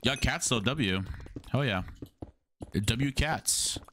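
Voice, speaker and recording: Young male streamer, bright tone, casual slang, chats with his viewers, faint background noise. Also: medium pitch, expressive, slow. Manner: slangy, talks to chat, hums to himself. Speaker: livestreamer. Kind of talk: casual gaming livestream chatter.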